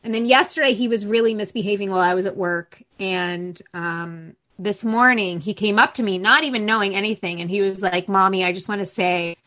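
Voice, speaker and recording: A woman's voice: mid-range voice, a little fast, few pauses, pushed and bright. A woman co-hosting a podcast, chatting candidly and frankly about parenting and swearing freely. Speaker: podcast co-host. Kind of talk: candid casual chat.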